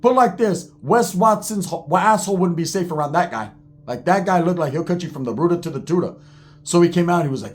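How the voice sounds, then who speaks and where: Profane, animated male storyteller. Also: a little high, a little fast. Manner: profane, animated, street slang.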